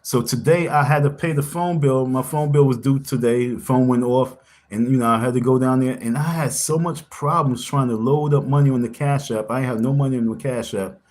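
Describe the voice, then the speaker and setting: A man's voice: medium pitch, a little fast, a little mellow. A man hosting a casual livestream, talking in an insistent, confrontational way and repeating himself for emphasis. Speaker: livestream host.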